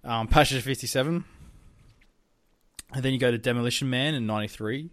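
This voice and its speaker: A man's voice: medium pitch, brisk, fairly bright tone, dry recording. A young man co-hosting a podcast in casual chat, rambling with many ums and some swearing. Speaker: podcast co-host.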